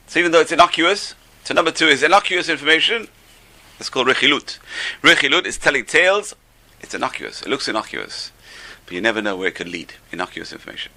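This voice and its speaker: An older man gives an informal religious class, chatting and joking his way through stories. His voice is gravelly, very bright and sharp, and he swings widely up and down in pitch. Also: lively intonation, fairly quick. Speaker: religious teacher.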